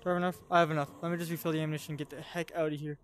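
A man giving casual VR gameplay commentary, excitable, swinging between yelling at enemies and muttering to himself. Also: a little high, racing, a little hiss or hum. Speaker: gaming channel host.

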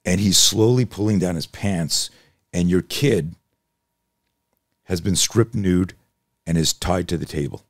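Man, deep voice, dry close sound, intense emphatic storyteller, swears a lot. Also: measured pace, long pauses, dry recording. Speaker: self-defense instructor, podcast guest. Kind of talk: animated storytelling in casual conversation.

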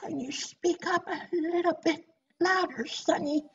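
A man's voice: unhurried, recorded from a distance, dull audio, heavily acted. A man putting on a frail, hard-of-hearing old person. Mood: pleading. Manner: soft, high and strained, asking to be spoken up to.

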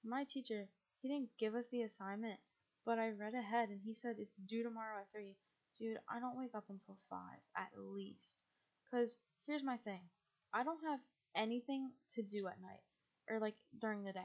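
A woman's voice: on the high side, normal speed. A teenage girl streaming a game late at night, chatting casually in a tired, rambling, self-deprecating way. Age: teens. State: sleepy, yawning. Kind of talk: casual gaming stream chat. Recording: slightly muffled stream mic.

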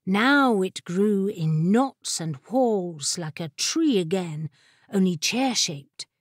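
A woman narrating a fantasy audiobook in a measured, expressive storytelling voice, on a close studio mic. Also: mid-range voice, husky, no room sound.

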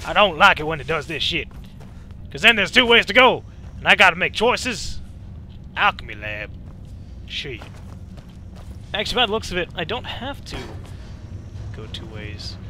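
A young man rambling through casual gameplay commentary, excitable and profane. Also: a little high, moderate pace, long pauses, slight background noise. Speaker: let's play gamer.

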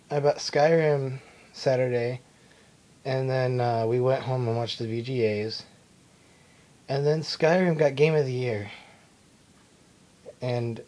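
Speaking in a medium-pitched, darkish voice, a young man rambles and swears self-deprecatingly in a casual vlog. He's recording himself indoors at his mom's house on a camera mic.

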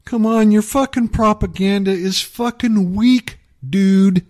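A man's voice: sits high, fairly even intonation, slow pace, hardly any pauses, darkish tone. A man delivering an angry, profane rant as a YouTube commentator, heated and mocking.

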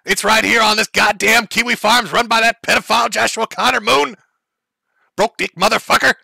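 A man's voice: sits high, steady tone, moderate pace, creaky, bright, forceful tone, breathy edge, no room sound, pitched above the performer's own voice, exaggerated voice. A man voicing an enraged, indignant man screaming his demands.

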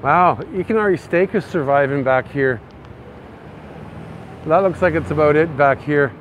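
A Canadian man narrating a casual walking tour of city streets, chatty and excitable. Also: a little high, moderate pace, dull audio. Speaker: vlogger. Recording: faint outdoor street noise. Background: faint traffic and street noise.

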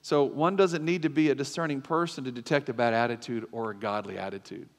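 A man's voice: medium pitch, steady tone, fairly quick. A male pastor preaching a sermon with emphatic asides and call-and-response to the congregation. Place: church sanctuary. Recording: long hall reverb.

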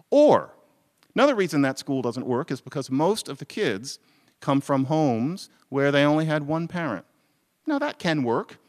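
A man giving a conference talk, making pointed arguments and answering his own rhetorical questions. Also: mid-range voice. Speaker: lecturer. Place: lecture hall. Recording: lecture hall with long reverb.

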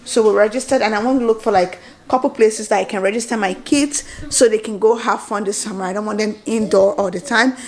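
A woman in her thirties chatting excitedly to her phone camera at home in a casual vlog, stopping and restarting her sentences. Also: mid-range voice, a little fast, few pauses. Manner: chatty, excitable, self-interrupting. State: out of breath. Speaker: vlogger.

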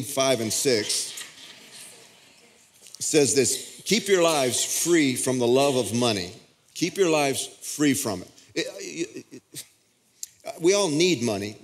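Man, pastor, conversational sermon, stage mic in a church, mid pitch, stumbling restarts. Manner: conversational preaching with frequent restarts. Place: church auditorium.

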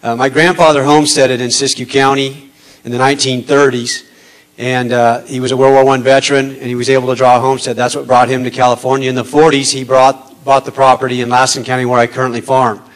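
A man giving a candidate's statement at a debate, halting with many pauses and earnest, at times emotional. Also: mid-range voice, little pitch movement, poor audio. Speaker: political candidate.

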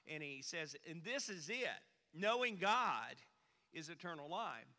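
Animated preacher in a reverberant hall. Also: male voice, moderate pace. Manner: folksy storyteller, animated swings in pitch and volume. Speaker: pastor. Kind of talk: sermon with a humorous story. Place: church sanctuary.

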